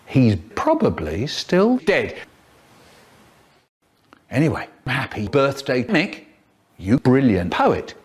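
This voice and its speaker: Animated older man reciting comic rhymes. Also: medium pitch, takes it slowly, pauses often, husky. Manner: playful, animated storytelling delivery.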